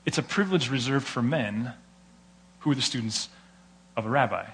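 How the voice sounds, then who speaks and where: A man's voice: medium pitch, normal speed, slight background noise. An American man delivers a sermon in an ordinary mid-range voice. He tells stories with energy and slips into the voices of the people he quotes. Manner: animated storytelling, acts out quoted voices. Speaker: pastor.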